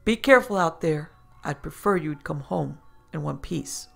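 A woman's voice: sits low, expressive, normal speed, creaky, soft background music, full character voice. A woman voicing a menacing, grinning middle-aged father who speaks in a clipped, cold way.

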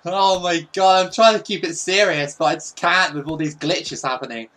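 A man giving casual, excitable, sweary commentary over his own football gameplay. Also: fairly high pitch, normal speed. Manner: excitable, sweary, mock-patriotic. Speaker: gaming YouTuber.

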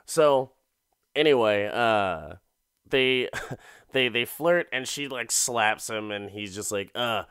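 A man's voice: mid-range voice, expressive, slow, fairly bright tone, clear, resonant tone, no echo, studio quality. A man hosting a podcast, retelling an episode in a casual, profane, rambling way full of fillers. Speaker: podcast host. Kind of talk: casual comedic episode recap.

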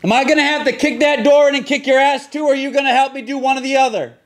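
A man with a very high, thin voice plays a deputy in live role-play voice chat. He is brash and foul-mouthed and needles his target relentlessly. His voice comes through a close headset mic. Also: steady tone, fast. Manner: brash, profane, taunting. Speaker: player acting as a sheriff's deputy.

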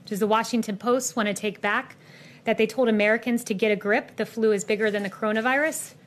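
A woman answering a question at a press briefing with a pointed, measured rebuttal. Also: fairly high pitch, fairly even intonation.

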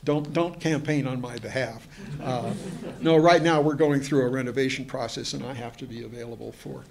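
A man's voice: mid-range voice, fairly even intonation, moderate pace, vocal fry, a crowd in the background. A man, a museum historian, giving a lecture to an audience, hesitant with many fillers and restarts, and chatty with joking asides.

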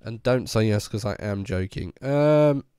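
This young man is streaming while unwell, his voice cracking as he relaxedly replies to each viewer in turn. He has a lowish, smooth, dark voice at a measured pace, captured in clean studio quality without room sound.

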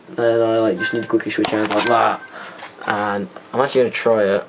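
A young man on the low side speaks quickly in a steady tone, rambling through a casual home vlog as he plays a computer game at his desk indoors and grumbles curses at it under his breath. Sound is from a hand-held camera mic in a noisy home recording.

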